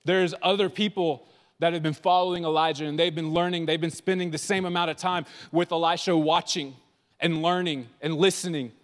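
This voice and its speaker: A man preaching a lively youth sermon at a conference, acting out quick voices of the people in his stories. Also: fairly high pitch, long reverb tail. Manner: animated, acts out voices of listeners and biblical figures. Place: large church hall.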